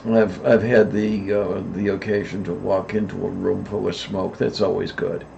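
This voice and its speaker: Gravelly low-voiced man on a dull mic. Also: little pitch movement, normal speed, warm tone. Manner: dry, hesitant, throat-clearing. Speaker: podcast co-host. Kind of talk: casual chat. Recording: dull lo-fi mic with faint noise.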